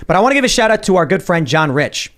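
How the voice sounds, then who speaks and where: A man's voice: high-pitched, big pitch swings, fast talker, fairly bright tone. A man hosting a podcast, talking in an upbeat, enthusiastic way. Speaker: podcast host. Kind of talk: casual podcast talk.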